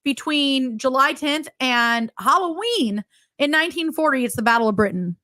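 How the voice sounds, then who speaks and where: Woman podcaster reading history dates, kinda high voice, dry close mic, laughs a lot. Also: expressive, moderate pace, sharp tone, no echo. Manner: reads dates aloud, laughs often, self-teasing. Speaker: podcast co-host. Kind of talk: casual chat reading a history timeline.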